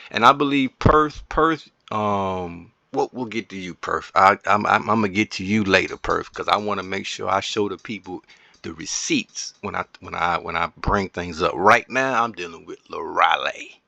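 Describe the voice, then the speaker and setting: A man recording commentary on a strategy game at home, excitable and rambling, talking straight to his viewers. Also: deep voice, moderate pace, vocal fry, dry recording.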